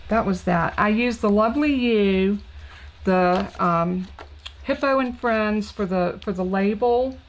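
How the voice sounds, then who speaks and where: A woman's voice: medium pitch, slight background noise, low-quality recording. A woman with a Southern drawl chatting on a live card-making stream, gushing over her supplies and thinking aloud with fillers as she works. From Southern United States.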